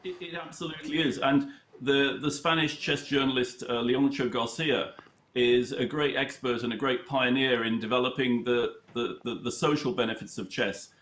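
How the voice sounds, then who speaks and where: A man's voice: medium pitch, fairly even intonation, moderate pace, fairly bright tone. British man telling stories, roomy sound. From United Kingdom. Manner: hesitant, many fillers and restarts, storytelling. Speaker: chess charity head, studio guest. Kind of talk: conversational interview answers. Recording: roomy echo.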